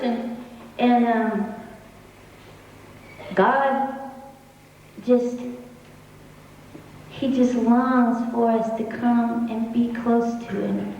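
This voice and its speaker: A woman singer talking to her audience between songs, in a halting, heartfelt way with many restarts. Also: on the high side, steady tone, lo-fi sound, slight background noise. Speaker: singer on stage. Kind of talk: stage talk between songs. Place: concert hall. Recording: echoey hall from far off.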